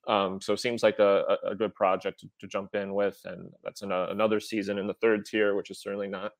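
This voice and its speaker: A man co-hosting a soccer podcast, talking in a halting, relaxed way with many fillers. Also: on the low side, gravelly, no room sound. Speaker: podcast co-host. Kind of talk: casual podcast chat.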